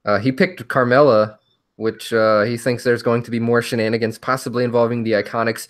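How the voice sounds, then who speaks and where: A man hosting a relaxed podcast, calmly working through one item after another. He has an ordinary mid-pitched voice and speaks in a plain conversational way. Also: fairly quick. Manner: steady, walks through a list. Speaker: podcast host. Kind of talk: casual chat.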